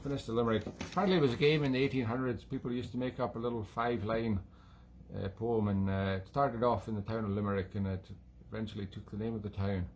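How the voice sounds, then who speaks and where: A man's voice: lowish voice, steady tone, quick pace, a little hiss or hum, close to an everyday voice. A man voicing a cheeky male leprechaun in a put-on Irish brogue, rambling playfully and telling corny jokes between tunes. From Scotland. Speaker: musician and show host. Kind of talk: casual comic chat between tunes.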